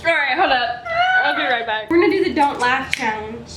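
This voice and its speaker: High-pitched giggly young woman. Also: animated, a little fast, fairly bright tone. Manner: giggly, playful, teasing. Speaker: vlog host. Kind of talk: casual family chat. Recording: echoey room with background noise.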